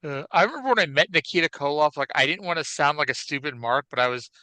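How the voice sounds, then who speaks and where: A man's voice: a little high, lively intonation, quick pace, pushed and bright, dry recording. A man co-hosting a wrestling podcast in casual, chatty, self-deprecating talk. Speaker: podcast co-host. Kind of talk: casual chat.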